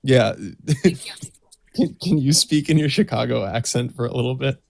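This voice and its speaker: A man chatting casually on a stream, telling stories in an excitable, rambling way. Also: medium pitch, moderate pace, creaky, a little hiss or hum. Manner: rambling, excitable storytelling with restarts.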